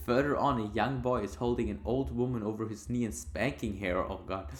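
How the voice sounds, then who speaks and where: A man hosting a let's play, reading gamebook narration aloud and adding quick, casual, offhand asides. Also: mid-range voice, fairly even intonation. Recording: roomy echo.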